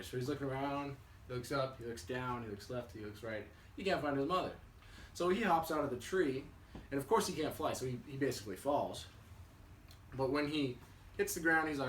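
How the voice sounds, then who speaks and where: A young man casually telling a children's story for a class, relaxed and chatty, with fillers and restarts. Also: mid-range voice, fairly quick. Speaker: student. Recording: echoey room, mic at a distance, faint hiss.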